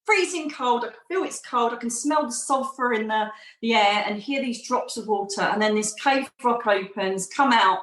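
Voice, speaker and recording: A woman's voice: on the high side, a bit bright, echoey room, rough recording. A middle-aged woman, a podcast guest, telling a personal story animatedly and acting out quoted voices. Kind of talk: storytelling in an interview.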